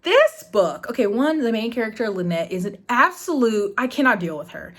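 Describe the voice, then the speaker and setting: A woman's voice: a little high, sing-song, moderate pace, a bit bright. A young adult woman vlogging casually about books, blunt and exasperated, swearing freely. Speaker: booktube vlogger. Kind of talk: casual reading vlog and review.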